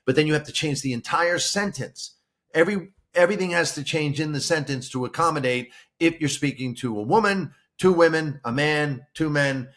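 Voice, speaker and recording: A man's voice: on the high side, moderate pace. Man chatting on a podcast, full of restarts. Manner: animated, explains at length with many restarts. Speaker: podcast co-host. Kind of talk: casual chat.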